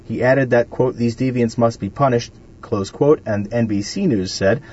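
A man's voice: mid-range voice, moderate pace, darkish tone, highs cut off. A man hosting a radio talk show, chatting casually and reading statements aloud with many fillers.

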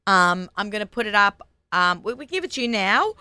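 A woman's voice: mid-range voice, very animated, sharp tone, clear, resonant tone, no echo. A woman with an Australian accent hosting a talk show, chatting enthusiastically with a guest. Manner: chatty and enthusiastic, quick asides. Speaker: radio show host. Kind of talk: casual chat.

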